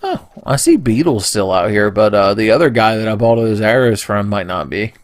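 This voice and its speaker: A man's voice: on the low side, very animated, normal speed, dry recording. A young man casually commentating a video game playthrough, joking, swearing and putting on silly voices. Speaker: let's play commentator.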